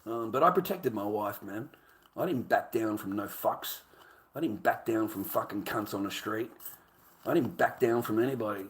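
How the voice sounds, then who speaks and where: An Australian man ranting to camera, profane and heated, with loud outbursts. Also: fairly low pitch, moderate pace, a little hiss or hum. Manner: heated, swearing, loud bursts with laughs. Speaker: vlogger.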